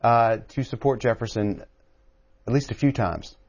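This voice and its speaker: A man who wrote a book, telling a story as a guest on a call-in radio show. He talks in an animated way and keeps restarting his sentences. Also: medium pitch, normal speed, husky, muffled recording. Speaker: author guest.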